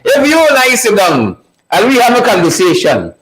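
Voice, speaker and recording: A man's voice: high-pitched, huge pitch swings, normal speed, roomy sound, a loud crowd, low-quality recording. Playful Guyanese man hosting a livestream. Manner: playful, repeats phrases, laughs often. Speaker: livestream host. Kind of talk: live stream chat greeting viewers.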